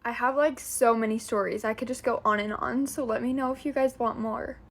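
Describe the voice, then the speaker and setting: A young woman tells a casual storytime in a chatty, filler-heavy way. Her voice sits somewhat high. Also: fairly even intonation, fairly quick.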